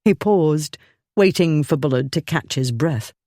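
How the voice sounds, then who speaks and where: A narrator reading a historical romance novel in a measured storytelling manner. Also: mid-range voice, expressive, a little mellow, no echo, studio quality. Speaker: audiobook narrator.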